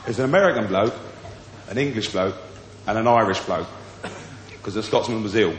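A man's voice: lowish voice, moderate pace, noisy background. A man doing stand-up comedy at a live venue, chatty and playful as he tells stories. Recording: echoey hall with crowd.

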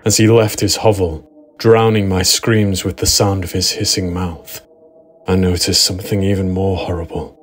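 Deep-voiced man narrating horror. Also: moderate pace, faint music behind. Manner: steady, dramatic storytelling. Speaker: narrator and writer.

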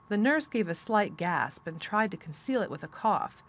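Woman narrating a classic novel. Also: mid-range voice. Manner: steady, measured storytelling. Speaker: audiobook narrator. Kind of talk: scripted narration.

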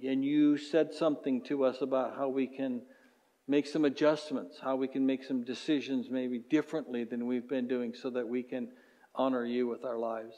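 A man with a medium-pitched, dark voice preaches as a pastor in a church hall, keeping it conversational and acting out everyday voices before a closing prayer. The hall is reverberant, and the recording has its highs cut off.

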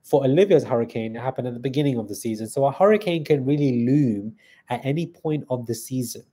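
A man hosts a live stream in a loose, chatty way, reading viewer comments aloud and answering them on the fly. His voice sits at a middling pitch with a mellow, warm tone. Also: quick pace, husky.

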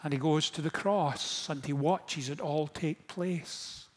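A fairly high-voiced man preaching a storytelling sermon. He drops to near-quiet lines, then rises to stirring, impassioned questions. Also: takes it slowly. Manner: storytelling, swings from hushed to impassioned. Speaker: pastor.

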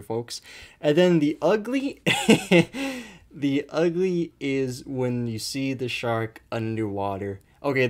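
A young man hosting his own video, talking casually about a cheap movie with lots of swearing, laughs and fillers. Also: mid-range voice. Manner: animated storytelling, frequent swearing and fillers. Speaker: video host reviewing a movie. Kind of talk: casual profane movie talk.

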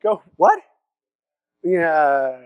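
A man's voice: fairly high pitch, huge pitch swings, extremely slow, clear, resonant tone, dry recording, lo-fi sound. A young man from the Seattle area giving a comedic keynote talk at a conference, joking with the crowd and acting out silly voices. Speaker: conference speaker. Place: conference hall stage.

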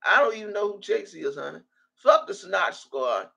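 A woman's voice: medium pitch, big pitch swings, normal speed, vocal fry, fairly bright tone, husky. A woman in her sixties hosting a casual livestream, reading viewer comments aloud in a loose, salty way and laughing often.

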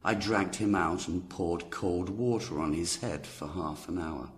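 Deep-voiced man narrating a story. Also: a little slow, slight background noise. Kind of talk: audiobook story narration for learners.

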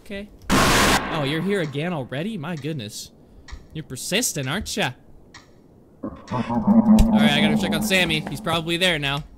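A young man commenting on a horror game he is playing, excitable, yelling, laughing and talking back to the characters. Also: on the high side, moderate pace, pauses often, very noisy. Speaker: gaming YouTuber.

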